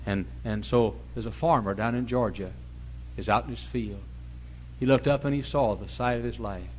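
A male pastor preaching a sermon, telling folksy stories and rising to loud preaching. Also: on the low side, normal speed, dull audio, slight background noise.

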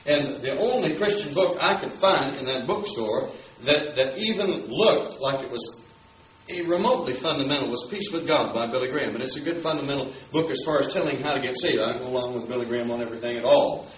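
A man's voice: mid-range voice, fairly quick, reverberant, recorded from a distance, dull audio, slight background noise. A man preaching a sermon, telling a story in a folksy way and building emphasis on key words. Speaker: pastor.

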